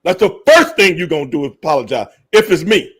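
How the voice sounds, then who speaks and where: In a casual podcast debate, a man co-hosting talks fast and animatedly, his fairly bright, high-ish voice carrying a breathy edge. He presses his case emphatically, cursing heavily and repeating himself.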